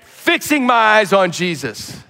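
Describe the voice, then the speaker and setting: A man preaching a sermon as a pastor, telling stories with animated emphasis and quiet asides. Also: high voice, measured pace, vocal fry, faint music behind. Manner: animated storytelling, swinging between loud emphasis and quiet asides. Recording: long hall reverb.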